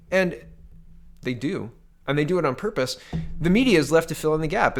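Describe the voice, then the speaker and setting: A man from Canada giving casual political commentary to camera, loose and conversational, with restarts and quotes read aloud. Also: high voice.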